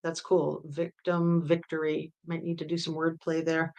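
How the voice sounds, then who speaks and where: Chatty woman with a lowish voice. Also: completely flat delivery, moderate pace, hardly any pauses, darkish tone. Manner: chatty, rambling with many fillers. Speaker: true crime livestream host. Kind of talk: casual chat with live chat readers.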